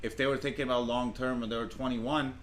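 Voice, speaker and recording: A man's voice: medium pitch, flat delivery, fast talker, fairly bright tone, slight background noise. A man doing crude reaction commentary on clips, boastful and blunt, swearing freely.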